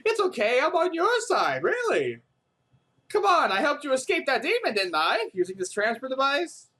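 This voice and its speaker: A man playing a bubbly bird-demon inventor, high-pitched, lively, eager, sly, game dialogue. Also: moderate pace, exaggerated voice. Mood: coaxing. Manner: chirpy, eager, nervously evasive. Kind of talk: reading game dialogue aloud.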